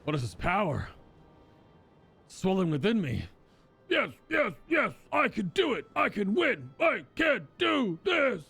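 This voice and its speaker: A man voicing a hungry, battle-mad male swamp fiend with rising, excited outbursts. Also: a little high, normal speed, creaky, slightly rough, soft background music, full character voice. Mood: exultant.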